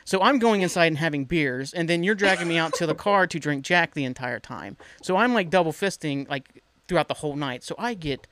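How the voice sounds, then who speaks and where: A podcast host chatting casually and reminiscing in an easygoing, relaxed way. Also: mid-range voice, a little fast, hardly any pauses, slight background noise. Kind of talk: casual chat.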